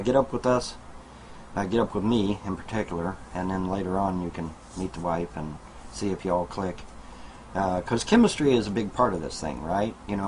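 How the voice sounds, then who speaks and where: A man's voice: fairly low pitch, a little hiss or hum, poor audio. Rambling man on webcam. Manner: rambling and repetitive, full of fillers and asides to viewers. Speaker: video blogger. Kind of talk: casual monologue to camera. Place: home, small trailer.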